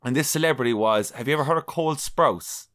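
A young adult Irish man telling an embarrassing story on a podcast, animated and swearing freely. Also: medium pitch, fast. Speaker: podcast co-host. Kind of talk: casual storytelling chat.

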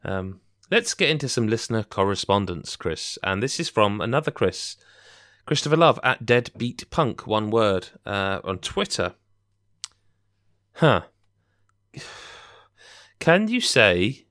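A man's voice: mid-range voice, a bit bright, no echo, clean studio sound. A young English man co-hosting a podcast, chatting casually and rambling with jokey asides. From England. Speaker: podcast co-host.

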